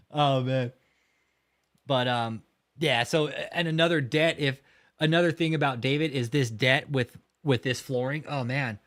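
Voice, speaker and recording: A man's voice: mid-range voice, unhurried, a bit bright. Profane, mocking livestream host man. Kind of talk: casual livestream commentary.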